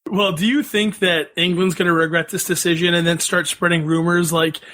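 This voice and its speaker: A man's voice: sits high, level tone, fairly quick, bright, forceful tone. A man co-hosting a comedy podcast, teasing the others and laughing often. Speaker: podcast co-host. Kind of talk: casual comedy podcast banter.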